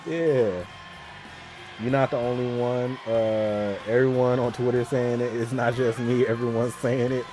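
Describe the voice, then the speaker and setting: A man streaming a casual live watch-along, talking excitedly with slang, laughing often and repeating himself. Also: medium pitch, measured pace, soft background music. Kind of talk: casual live reaction chat.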